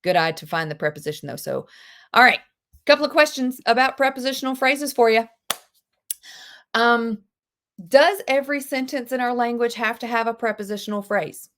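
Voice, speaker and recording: Chatty teacher on a video call. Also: female voice, on the high side, normal speed. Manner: lively, chatty, gasps with delight, quotes movie lines in put-on voices. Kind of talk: live online class, casual teaching.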